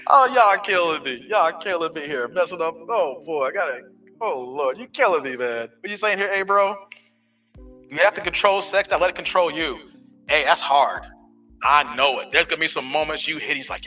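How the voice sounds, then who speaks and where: Lively guy in his 40s rambling on his live stream, high-ish bright voice, kinda far from the mic w/ faint music. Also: moderate pace. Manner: loose storytelling, street slang, swearing. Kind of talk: casual live stream chat.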